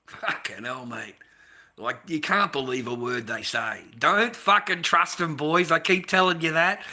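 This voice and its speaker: Middle-aged aussie bloke ranting at his viewers, swearing nonstop, tense sharp voice a bit high. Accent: Australian. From Australia. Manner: profane, rambling, lecturing. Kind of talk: casual rant to viewers.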